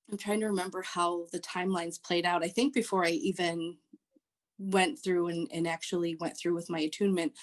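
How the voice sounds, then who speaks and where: A woman, a social worker and Reiki practitioner, explaining her work as a podcast guest in a halting way with many fillers. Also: lowish voice. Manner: hesitant, many ums and restarts. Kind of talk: podcast interview.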